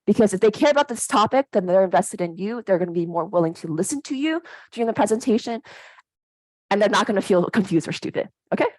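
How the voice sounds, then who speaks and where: A woman giving a casual, animated workshop lecture, often checking in with "right?". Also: mid-range voice, fast talker, dry recording, low-quality recording. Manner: animated, conversational, keeps asking "right?". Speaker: academic workshop presenter.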